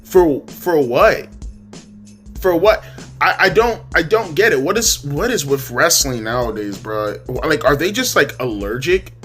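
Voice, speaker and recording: A man's voice: on the high side, expressive, unhurried, a bit bright, soft background music. A man ranting heatedly in a profane, exasperated commentary monologue, repeating words as he talks. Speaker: wrestling commentary youtuber.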